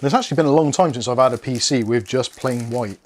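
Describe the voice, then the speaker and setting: A man's voice: mid-range voice, fast talker, a little mellow. Rambling Englishman chatting through an unboxing. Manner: rambling, jokey, talks to pets and chat. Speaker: tech video host. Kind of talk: casual unboxing chat.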